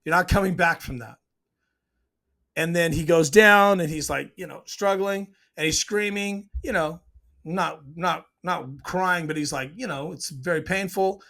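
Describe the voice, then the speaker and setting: A man's voice: a little high, unhurried, bright, forceful tone. A man giving a casual, opinionated breakdown of a TV scene, retelling it and acting out the lines as he goes. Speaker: TV show reviewer.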